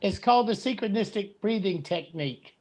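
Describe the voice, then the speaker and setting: A man giving a slow, earnest and blunt spiritual talk. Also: sits high, animated, darkish tone. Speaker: guest speaker.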